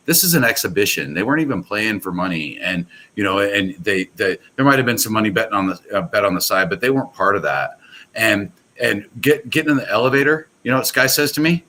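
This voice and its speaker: Guy rambling excitedly on a podcast, lowish voice but bright and punchy. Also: fast, rough recording. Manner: rambling, enthusiastic, many restarts. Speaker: guest, pool products company owner. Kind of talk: casual podcast chat.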